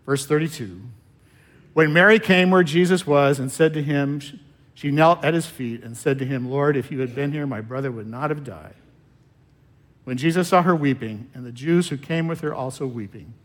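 A man preaching a sermon, reading scripture and explaining it in a slow, measured way with long pauses and phrase endings that trail off softly. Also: mid-range voice. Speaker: pastor.

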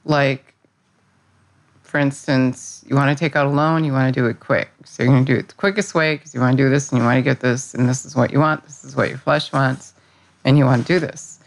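A woman giving an earnest, conversational devotional talk, often restarting her sentences. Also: extremely low pitch. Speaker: devotional speaker. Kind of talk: casual spoken devotional.

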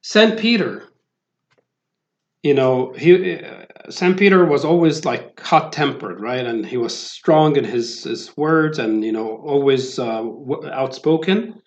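A man's voice: medium pitch, slow pace. A man giving a sermon, talking in a conversational way with many fillers and restarts. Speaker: preacher. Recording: roomy, dull lo-fi sound.

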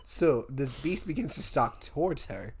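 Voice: mid-range voice, animated, measured pace, slight background noise. A podcast co-host casually telling a true-crime story, laughing often and dropping crude jokes.

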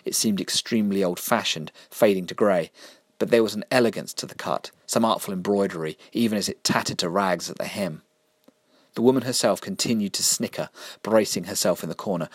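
Deep-voiced man reading a story. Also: no echo. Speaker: narrator.

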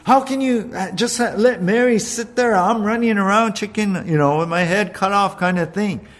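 A preacher voicing a frustrated, overworked woman who complains in exasperated, rapid-fire questions. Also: sits high, pitched above the performer's own voice, lightly acted.

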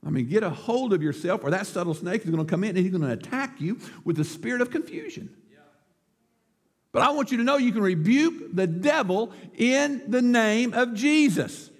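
A man's voice: high-pitched, animated, brisk, hardly any pauses. A male pastor preaching a sermon, emphatic and declamatory, firing rhetorical questions, with long church reverb.

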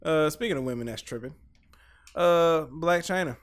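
A young man talks loose and crude in an easygoing chat, laughing through his stories and slipping into quoted voices. His voice sits a little on the higher side for a man. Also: moderate pace. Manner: crude, joking, laughs often, acts out quotes. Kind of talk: casual chat.

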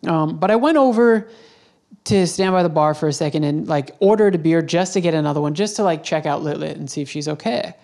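A man's voice: fairly high pitch, a little fast, a little mellow. A man hosts a podcast and tells a travel story in an easygoing, conversational way. He rambles, backs up and corrects himself as he goes. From United States. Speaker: podcast host.

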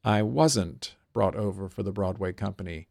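A man's voice: fairly low pitch, moderate pace, creaky, a little mellow, no room sound, clean studio sound. A man reading out the lines of a gracious, self-mocking veteran female stage star, in a clipped, slightly smoky voice. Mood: warm teasing. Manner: clipped lockjawed voice, a little smoky.

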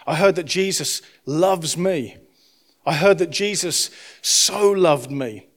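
A man, a pastor, preaching an impassioned sermon, rising to loud emphasis and dropping to hushed, quiet lines. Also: fairly high pitch.

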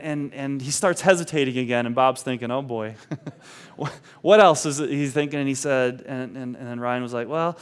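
A man's voice: on the high side, clear, resonant tone. A man casually retelling a story, with many restarts, who acts out the lines of the people in it. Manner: animated, many restarts, acts out the quoted dialogue.

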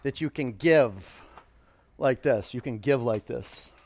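A man's voice: mid-range voice, slow, a little mellow. A man leading a live yoga class, calling out counts and motivating cues, with casual storytelling asides. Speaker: yoga instructor.

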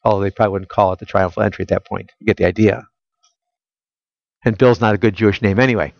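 A man preaching a sermon. He keeps asking the listeners rhetorical questions and swings between loud emphasis and quiet, intimate prayer-like tones. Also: fairly low pitch, fairly even intonation, quick pace, vocal fry, dry recording, dull audio. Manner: asks the audience rhetorical questions. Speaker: pastor.

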